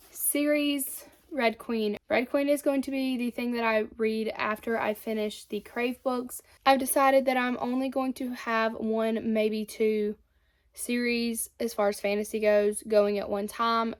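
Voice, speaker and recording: A woman, chatting casually and enthusiastically about books on her vlog, often correcting herself mid-sentence. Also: fairly high pitch. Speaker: book vlogger. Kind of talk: casual chat.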